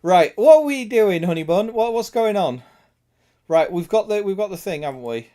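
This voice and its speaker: A man's voice: high-pitched, expressive, moderate pace, mellow. A young man streaming a game, chatting crudely with lots of swearing and laughter. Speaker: gaming streamer. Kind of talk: casual gameplay chat.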